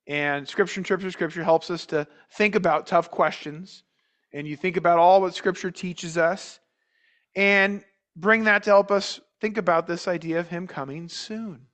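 A man with a notably high-pitched voice delivers a sermon from the pulpit. He preaches in a measured, deliberate way, often repeating words as he restarts a phrase. He asks the congregation rhetorical questions as he works through a scripture passage. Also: fairly bright tone. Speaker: pastor.

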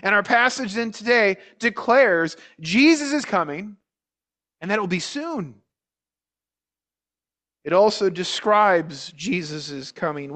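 Male pastor, high-pitched voice, measured sermon delivery with restarts and rhetorical questions. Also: fairly bright tone. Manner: measured preaching with repeated words and rhetorical questions.

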